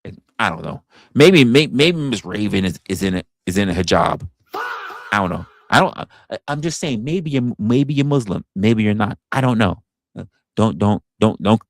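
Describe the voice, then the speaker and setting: A man's voice: fairly low pitch, moderate pace, no room sound, clean studio sound. A young man hosting a casual livestream, rambling with lots of stammering restarts. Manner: rambling, stammering restarts, animated put-on quotes. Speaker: livestream host. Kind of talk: casual unscripted livestream chat.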